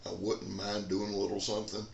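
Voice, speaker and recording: A man's voice: fairly low pitch, little pitch movement, fairly quick, vocal fry, reverberant, a little hiss or hum. A man, rambling in a folksy casual chat as a knife reviewer in a dim room. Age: 40s.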